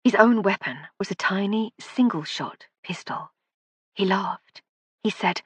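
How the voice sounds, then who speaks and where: Woman narrator, husky, low, dry close recording, measured storytelling. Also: no room sound. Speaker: audiobook narrator. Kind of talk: scripted first-person narration.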